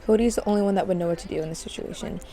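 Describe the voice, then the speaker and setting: A woman's voice: medium pitch, warm tone, faint music behind, lightly acted. A woman voicing a distraught young woman who stammers as she mourns. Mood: sorrowful. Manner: halting, stammering.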